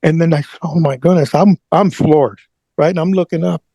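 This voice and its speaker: A middle-aged man, an interview guest, telling an emotional personal story in a halting way, often repeating words as he goes. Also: a little high, dark tone, no echo, rough recording. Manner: halting, repeats words, prays aloud in retelling.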